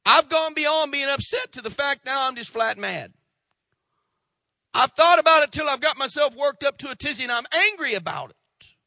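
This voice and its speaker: A man's voice: on the high side, expressive, moderate pace, pushed and bright, no room sound, clean studio sound, pitched below the performer's own voice. A man voicing an angry, sulking prophet who is bitter and worked up.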